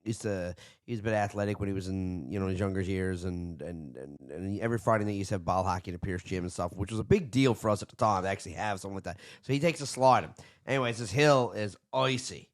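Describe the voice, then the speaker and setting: A man's voice: low-pitched, fast. A middle-aged man with a Newfoundland accent telling a story in casual chat, swearing often and restarting his sentences. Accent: Newfoundland English. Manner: profane, animated, rambling with many restarts. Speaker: podcast guest.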